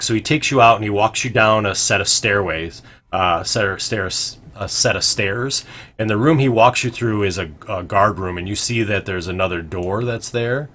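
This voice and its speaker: A man narrates a tabletop game as game master in a lowish voice. He halts often, filling gaps with ums and uhs and correcting himself. Faint background music plays underneath. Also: sharp tone. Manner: halting, full of ums and uhs, self-correcting.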